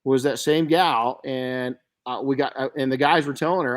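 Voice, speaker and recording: Middle-aged male podcast host, mid-pitched, animated storyteller who trips over his words and restarts. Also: moderate pace. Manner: storytelling, animated, frequent restarts and self-corrections. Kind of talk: casual podcast chat.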